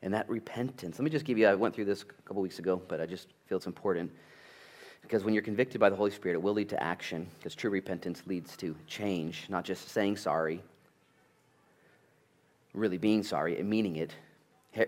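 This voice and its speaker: Animated low-voiced male preacher. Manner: animated storytelling, acting out family dialogue. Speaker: pastor. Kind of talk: sermon.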